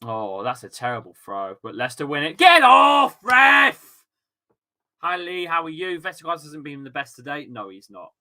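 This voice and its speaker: Lad doing a footy watchalong stream, bright punchy voice, yells and swears at the game then chats to chat. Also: male voice, medium pitch, brisk, few pauses. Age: adult with a young son. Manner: excitable, shouts and swears at the match, chats with viewers. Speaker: livestream watchalong host. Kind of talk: casual live football watchalong commentary.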